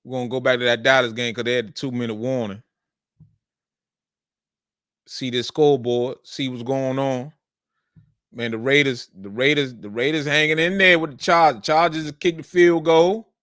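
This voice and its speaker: Bright-voiced man riffing on football. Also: mid-range voice, fairly even intonation, moderate pace, dry recording, studio quality. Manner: repetitive, emphatic, colloquial. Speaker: sports show host. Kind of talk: casual sports commentary.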